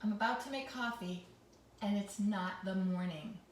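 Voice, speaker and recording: A middle-aged woman, a teacher, chatting in a home vlog in her loud teacher voice, teasing and friendly. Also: mid-range voice, moderate pace, recorded from a distance. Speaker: teacher and vlogger. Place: home kitchen. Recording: echoey room, voice somewhat off mic.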